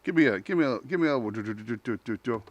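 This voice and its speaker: A man's voice: mid-range voice, lively intonation, fast, heavy background noise. A man hosting a live talk show, chatting casually and acting out dialogue, laughing often.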